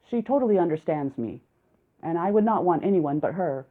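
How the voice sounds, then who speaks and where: A bald, earnest village doctor who weighs every word, as a woman reads him in a storybook audiobook. The voice sits low and comes through a thin, phone-like line. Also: animated. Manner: measured and deliberate. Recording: narrow, phone-like lo-fi sound.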